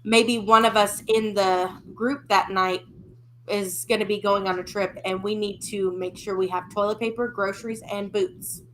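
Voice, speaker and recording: A woman co-host in a casual chat, telling a story in an animated way. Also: medium pitch, normal speed, slight background noise.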